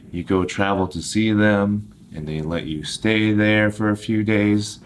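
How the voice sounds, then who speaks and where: A man with an American accent teaching everyday English phrases, speaking clearly and deliberately and acting out example lines. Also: lowish voice, a little hiss or hum.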